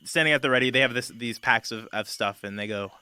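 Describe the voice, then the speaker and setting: A man narrating a tabletop game as game master, halting with fillers. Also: mid-range voice, sharp tone, clean tone.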